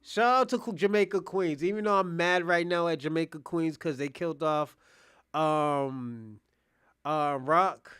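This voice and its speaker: A man doing casual live reaction commentary, animated, loose and profane as he talks to his chat. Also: a little high, a little slow, smooth. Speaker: streamer reacting to a debate.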